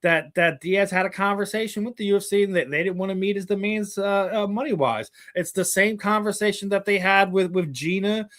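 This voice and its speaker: An interview host chats about combat sports in a relaxed way, building long, winding arguments that stack one opinion onto the next. His voice sits a little high, bright and forceful, and he speaks briskly with few pauses.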